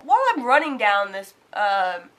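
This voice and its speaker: A young woman vlogging, casually telling a story, animated and swearing casually. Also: medium pitch, normal speed. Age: young adult.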